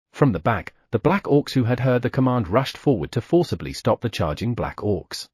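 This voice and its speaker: A man narrating an audiobook with expressive storytelling. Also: medium pitch, moderate pace, few pauses, breathy edge, dry recording. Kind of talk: scripted narration.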